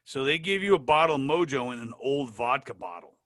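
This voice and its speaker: A man as an interview guest, telling animated, profane anecdotes in casual talk. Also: medium pitch, a little fast, no echo. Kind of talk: casual storytelling.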